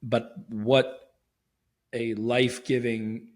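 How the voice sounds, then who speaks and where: A man hosting a podcast in casual conversation, relaxed and jokey, laughing often and chiming in with quick affirmations. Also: mid-range voice. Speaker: podcast host.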